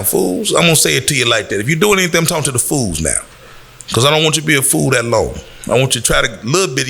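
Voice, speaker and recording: A man's voice: on the high side, vocal fry, bright, forceful tone, husky. A man from Chicago lecturing young people in a blunt, preachy way, his voice climbing on the points he stresses. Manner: blunt, lecturing, rising on emphasis. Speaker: community speaker.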